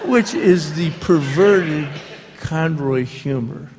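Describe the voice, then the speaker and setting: A man's voice: fairly high pitch, slow pace, crowd noise, noisy background. A man telling funny stories as an author before a live audience, recorded in a hall. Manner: humorous anecdotal storyteller. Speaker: author speaking on a book tour. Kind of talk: live storytelling talk. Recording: long hall reverb.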